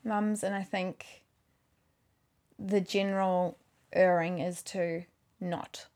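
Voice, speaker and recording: A woman's voice: fairly low pitch, steady tone, slow pace, darkish tone. A woman, rambling and correcting herself in casual chat about her video work. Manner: chatty, rambling, self-correcting. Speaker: video maker.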